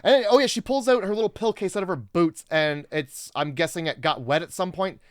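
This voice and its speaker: A man with a notably high voice recaps a bad movie in a laid-back, dry, deadpan way. The sound is dry and close. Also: a little fast, no echo. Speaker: podcast co-host. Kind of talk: casual movie-review chat.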